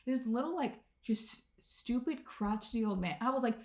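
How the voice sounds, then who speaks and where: A woman's voice: fairly high pitch, moderate pace. A woman in her twenties from the Midwest, co-hosting a podcast and telling stories in casual chat, full of "like"s and acted-out quotes. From American Midwest. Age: 20s. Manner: animated storyteller, acts out quotes, many "like"s. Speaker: podcast co-host.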